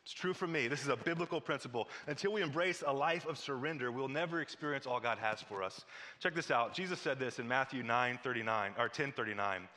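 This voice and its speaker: A man from Missouri preaching a sermon, telling a lively story and then dropping to a soft, hushed appeal. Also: mid-range voice, a little fast, long reverb tail. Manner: animated storytelling, drops to a soft hush for appeals. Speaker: pastor.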